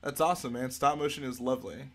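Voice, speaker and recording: A relaxed young man chats casually on a live stream while he works on a build. He reads viewer questions aloud and answers them one after another, easygoing and unhurried, at a middle pitch. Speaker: livestream host.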